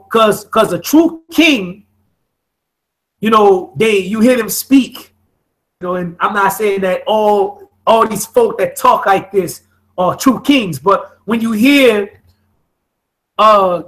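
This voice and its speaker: A man's voice: high-pitched, fairly bright tone, rough recording. A man leading a study group on internet radio, explaining by restating phrases and often asking "okay?".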